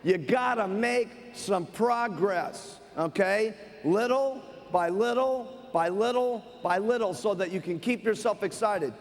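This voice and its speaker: An energetic man gives a motivational seminar talk, telling stories emphatically in a high, gravelly voice. He keeps checking in with "okay?", and the long reverb of a large hall surrounds his words. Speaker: motivational speaker.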